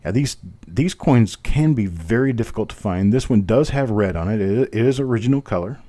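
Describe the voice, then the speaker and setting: A man's voice: on the low side, lively intonation, brisk, warm tone. A man hosting a live online coin auction, calling bids in a rhythmic patter and joking about himself between lots. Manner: chatty, self-deprecating, rhythmic bid calling. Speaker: auctioneer host.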